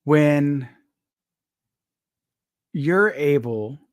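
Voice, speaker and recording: A man's voice: on the high side, lively intonation, extremely slow, dry recording, studio quality. A man hosting a casual live chat, polite and hesitant, restarting his sentences often. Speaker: host.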